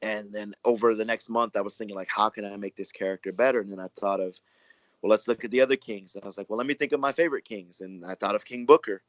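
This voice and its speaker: A man, a wrestler telling stories in a relaxed interview, rambling and acting out what others said. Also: on the low side, quick pace. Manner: rambling, animated, acts out quoted dialogue. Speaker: professional wrestler and guest. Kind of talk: casual storytelling interview. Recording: dry, muffled lo-fi audio.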